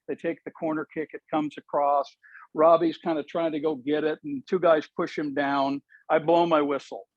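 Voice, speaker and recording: A man with a somewhat high-pitched voice tells a self-deprecating story about refereeing. He is animated and jokey, a self-described loudmouth. The sound is dull, muffled and dry. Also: dry recording. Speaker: soccer referee. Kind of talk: storytelling at a meeting.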